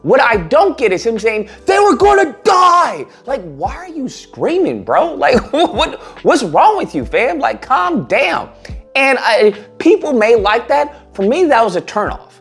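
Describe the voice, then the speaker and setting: A man talking through casual online commentary with a lively, swooping pitch. He is animated and often slips into a high, mocking put-on voice. Faint music plays under him. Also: measured pace, vocal fry, breathy edge.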